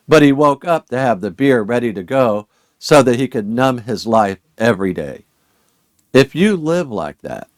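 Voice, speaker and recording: A man's voice: mid-range voice, no room sound. Earnest man preaching a Bible study. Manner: earnest, urging, many rhetorical questions. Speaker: Bible teacher.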